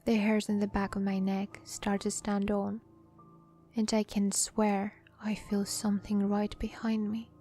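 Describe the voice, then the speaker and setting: A woman narrating a horror story in a soft, hushed voice that often sinks into a whisper. She reads slowly and evenly, with a dark, mellow tone. Faint music plays behind her. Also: medium pitch, completely flat delivery.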